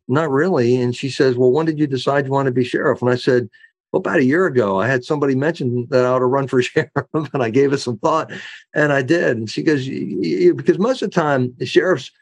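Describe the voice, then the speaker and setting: Middle-aged man, interview guest, mid-pitched, rambling storyteller who stops, restarts and mimics the people he quotes. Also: quick pace, husky, no echo. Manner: rambling, many fillers and restarts, acts out quoted voices. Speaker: guest, former sheriff.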